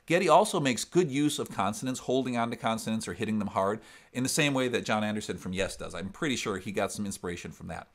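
A man's voice: on the low side, expressive, fast talker. A man with an upper Midwest American accent and a resonant voice, explaining singing technique step by step in a vocal lesson. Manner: explains step by step, breaks into sung demonstrations. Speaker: singer and vocal coach.

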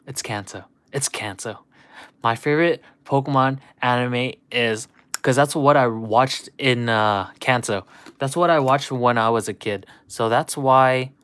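Heard dry, a man with a medium pitch and a fairly bright tone rambles through a casual, nostalgic livestream chat with his viewers, saying "dude" often.

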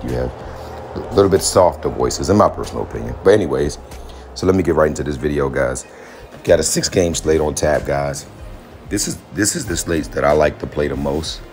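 A hoarse man who has lost his voice, deep and gruff, hosting a chatty fantasy basketball breakdown and often calling his viewers "guys". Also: fairly quick, a little mellow, faint music behind. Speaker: fantasy sports host.

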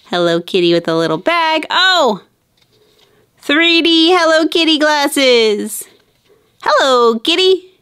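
A young adult woman hosting a kids' toy video, narrating in a bubbly, excited, sing-song way. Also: high voice, clean tone, no echo, studio quality. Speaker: host.

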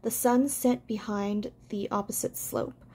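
A woman doing amateur audiobook narration, gentle and unpolished, with small stumbles. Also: medium pitch, steady tone, a little slow, slightly rough.

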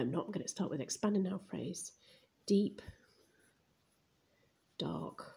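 Primary teacher, woman, dark gravelly voice, murmurs each word as she writes it on camera. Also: on the low side. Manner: murmurs and whispers words as she writes them. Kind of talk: recorded writing lesson, narrating while writing. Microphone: phone camera filming the page.

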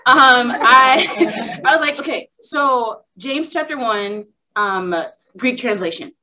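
A woman's voice: sits high, takes it slowly, bright, forceful tone, poor audio. A young woman speaking at a women's workshop, sharing an emotional personal testimony in a heartfelt, candid way.

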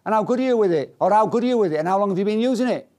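Brief: a clipped, commanding Yorkshire flight instructor, pitched a little high, as a man puts him on. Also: animated, very fast, a little mellow. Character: brisk bossy male flying instructor.

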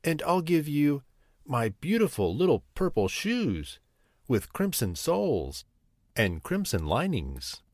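A man's voice: on the high side, wildly swooping pitch, slow pace, a little mellow, dry recording, clean studio sound, voice pushed up, full character voice. A man voicing a small, frightened boy in a storybook, pleading and anxious.

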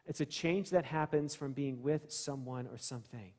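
A man's voice: mid-range voice, normal speed, a little mellow, big-room sound. A male pastor giving a conversational sermon in a church, asking the congregation questions and acting out scenes. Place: church sanctuary.

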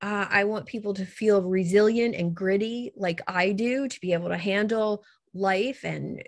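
Chatty middle-aged lady coach on a podcast, dry sound, mid pitch. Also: normal speed, no echo. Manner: lively, laughs easily, talks in short rambling bursts. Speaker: guest coach. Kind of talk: casual interview.

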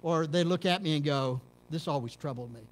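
A middle-aged man from Texas, a pastor preaching a sermon in a church, dropping to low murmurs and rising to loud emphatic peaks. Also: fairly quick, a little hiss or hum. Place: church sanctuary.

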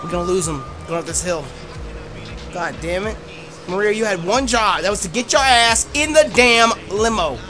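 A gaming streamer giving casual, profane let's-play commentary, yelling in frustration and muttering to themselves between outbursts. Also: mid-range voice, lively intonation, normal speed. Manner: profane, yells in frustration then mutters to self. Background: game music.

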